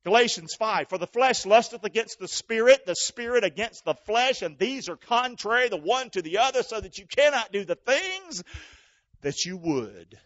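A high-voiced male pastor preaches to his congregation. He calls for answers, booms out lines and then drops to a near whisper. The church recording sounds dull and muffled. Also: big pitch swings, moderate pace. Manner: call-and-response preaching, swings from shouting to hushed. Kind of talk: sermon.

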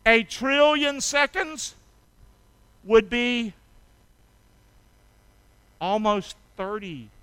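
A pastor preaching in church, his voice strikingly high and bright, with a smooth, clear tone on a dry recording. He takes his time, drawing words out slowly. He swings between hushed, intimate moments and loud shouts, calling on the congregation to respond. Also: lively intonation, no echo. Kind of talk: sermon.

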